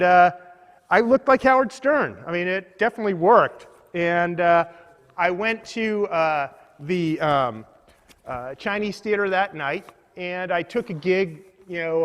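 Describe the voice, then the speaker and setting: A man's voice: high-pitched, long reverb tail. Meandering man telling a comic story. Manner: meandering, self-deprecating, deadpan asides. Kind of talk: comedic personal storytelling.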